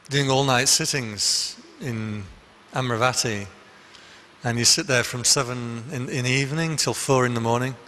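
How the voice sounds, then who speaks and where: Bright-voiced monk giving a dharma talk. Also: male voice, mid-range voice, big-room sound, slight background noise. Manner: conversational, anecdotal, with frequent restarts. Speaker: Buddhist monk teacher. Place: meditation hall.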